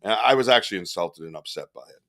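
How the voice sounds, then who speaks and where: A man's voice: fairly low pitch, fast talker. A man co-hosting a podcast in casual chat, telling stories animatedly and swearing freely. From northern US. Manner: animated storyteller, swears freely, loud outbursts. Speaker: podcast co-host.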